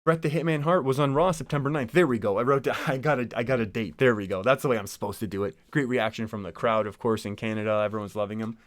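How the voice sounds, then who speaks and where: A man's voice: medium pitch, fairly even intonation, fast talker, few pauses, no room sound, studio quality. A man hosting his own podcast, talking casually in a chatty, rambling way with many restarts and small laughs. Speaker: podcast host. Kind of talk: casual solo podcast talk.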